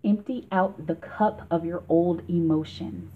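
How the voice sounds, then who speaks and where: A woman's voice: fairly low pitch, unhurried. A woman giving a casual tarot reading for a vlog, chatty and emphatic, laughing often. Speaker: tarot reader. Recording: tinny phone-like sound.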